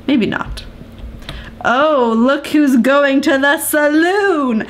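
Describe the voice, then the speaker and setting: A woman's voice: high-pitched, extremely slow, long pauses, a little hiss or hum. A woman hosting a let's play of a farming game, playful and chatty, full of gasps and asides. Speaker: gaming video host.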